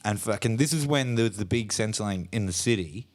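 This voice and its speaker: Australian man, podcast co-host, sweary rambling stories, lively swooping pitch. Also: fairly quick. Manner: sweary, rambling storyteller who laughs a lot. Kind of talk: casual podcast chat.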